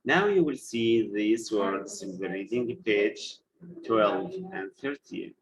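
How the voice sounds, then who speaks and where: Slow, low-voiced male teacher. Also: lively intonation, lo-fi sound, slight background noise. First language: Arabic. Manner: slow, deliberate, quizzes the class with repeated questions. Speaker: English teacher. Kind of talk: live-streamed classroom lesson.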